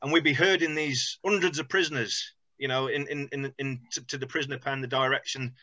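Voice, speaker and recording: Rambling veteran, bright voice. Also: male voice, medium pitch, fairly even intonation, a little fast, no room sound. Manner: rambling, full of "sort of" and "you know". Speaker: army veteran guest. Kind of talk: recounting war memories on a video call. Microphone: video call. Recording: dry, lo-fi video call audio.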